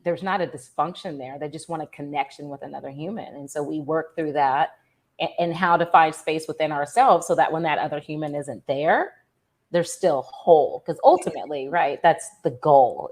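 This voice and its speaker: A woman guest in casual chat, agreeing often and explaining her work calmly. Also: sits low, normal speed. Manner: affirming, frequent agreeing interjections.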